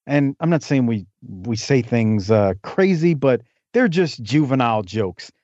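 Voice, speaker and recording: A man's voice: medium pitch, expressive, unhurried, a little mellow, no room sound. Chatty man on dull lo-fi podcast audio. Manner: talkative, storytelling, jokey asides. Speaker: podcast guest, wrestling historian. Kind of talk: casual interview chat.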